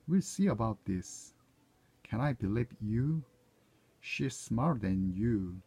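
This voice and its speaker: Slow, husky man reading phrases aloud. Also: lowish voice, animated, dark tone. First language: Korean. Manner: reads short dialogue lines one by one, sometimes correcting himself.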